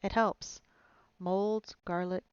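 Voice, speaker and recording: A woman reading aloud and voicing a gruff, boastful male dwarf elder in a blunt, matter-of-fact way. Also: mid-range voice, little pitch movement, slow pace, a little mellow, no room sound, dull audio, lightly acted.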